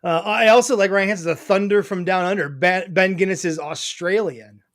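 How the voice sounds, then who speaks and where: A man's voice: sits high, normal speed, fairly bright tone. A man co-hosting a casual podcast chat, playful and joking, drawing out words for emphasis. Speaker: co-host.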